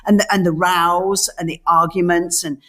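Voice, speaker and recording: A woman's voice: on the low side, moderate pace. A middle-aged woman co-hosting a casual chat, telling stories with many restarts and acting out the quotes. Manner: lively storyteller who acts out quotes, many restarts. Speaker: podcast co-host.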